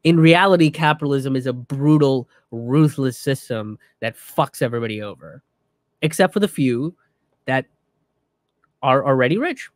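A man giving a casual, profane commentary rant in an animated way. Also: medium pitch, normal speed, no room sound, studio quality.

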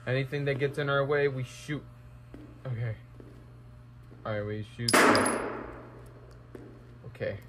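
A man's voice: mid-range voice, measured pace, pauses often, heavy background noise. A young man commentating a horror game let's play, talking to himself and exclaiming at scares. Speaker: gaming YouTuber.

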